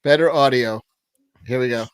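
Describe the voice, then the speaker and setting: A man co-hosting a podcast, making blunt, deadpan remarks in crude casual chat. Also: medium pitch, moderate pace, clear, resonant tone, no room sound. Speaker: podcast co-host.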